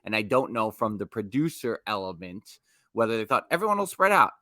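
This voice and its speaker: A man co-hosting a podcast, talking in a relaxed, rambling casual chat. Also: fairly low pitch, a little fast, dry recording, clean studio sound. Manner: easygoing, lots of "you know" and fillers. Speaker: podcast co-host.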